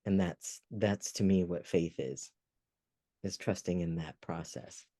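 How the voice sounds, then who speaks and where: Deep, dark-voiced man musing on faith. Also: unhurried, no echo. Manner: musing, thinks aloud with restarts. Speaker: podcast co-host. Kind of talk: reflective casual conversation.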